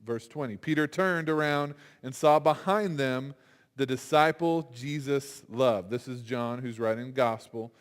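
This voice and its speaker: A man giving a chapel sermon in an animated, conversational way, acting out quotes as he goes. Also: mid-range voice, a little slow. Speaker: chapel speaker. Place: university chapel. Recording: long hall reverb.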